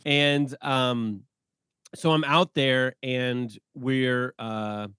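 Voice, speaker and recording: A man in his forties, a podcast guest telling stories in an animated way and laughing often. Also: mid-range voice, clean tone, dry recording, clean studio sound. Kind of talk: casual podcast conversation.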